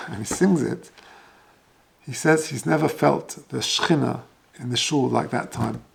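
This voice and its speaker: A man's voice: mid-range voice, unhurried, gravelly, slightly rough. A man, a rabbi, telling a moving story as a sermon in an earnest way. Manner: earnest, builds intensity at emotional moments.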